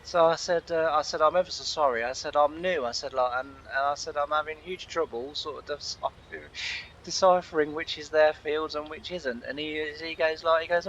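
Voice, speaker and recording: A man's voice: on the high side, steady tone, brisk, a bit bright, lo-fi sound, a little hiss or hum. A man telling a long casual story while playing a game, laughing often and acting out the people he quotes. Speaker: gaming channel host. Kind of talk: casual storytelling over gameplay.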